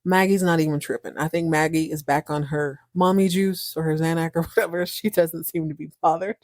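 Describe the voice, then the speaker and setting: A woman's voice: sits low, fairly even intonation, brisk, darkish tone, no echo, studio quality. A woman hosting a podcast, recapping a show in a chatty, slangy way and laughing often. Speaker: podcast host.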